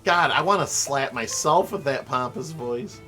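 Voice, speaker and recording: A man's voice: medium pitch, a little slow, sharp tone, soft background music. A man giving casual let's-play commentary, joking and laughing often at himself. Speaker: streamer playing a game.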